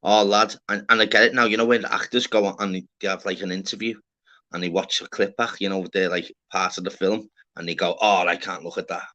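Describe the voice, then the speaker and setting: A young man with a Liverpool accent, hosting a casual livestream with loud, swearing banter. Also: lowish voice, fairly even intonation, fast, lo-fi sound. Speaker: livestream host.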